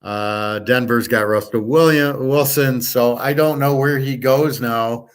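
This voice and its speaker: A middle-aged man rants on his own live stream, blunt and foul-mouthed. His pitch sits in an ordinary middle range for a man, and he swings between quick outbursts and slower, drawn-out asides. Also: steady tone, clear, resonant tone. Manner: profane, blunt, ranting. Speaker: sports handicapper and show host. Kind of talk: casual live-stream rant.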